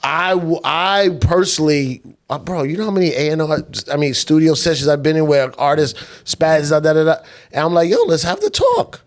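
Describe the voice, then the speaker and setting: Higher-voiced New host, easygoing. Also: male voice, fairly even intonation, fairly quick. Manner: easygoing, laughs along, talks in slang. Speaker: podcast host. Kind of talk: casual chat.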